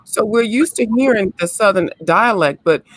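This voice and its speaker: A woman's voice: medium pitch, animated, moderate pace, dry recording. Woman caller, blunt, swears a lot, scolding, dry close sound. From Washington DC area, US. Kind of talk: casual call-in chat.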